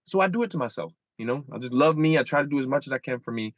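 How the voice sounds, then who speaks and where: A man's voice: very fast, no echo, highs cut off. A man in his thirties, a guest in a candid interview, talking animatedly and acting out his own inner dialogue. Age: 30s. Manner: animated, acts out inner dialogue with shifting pitch.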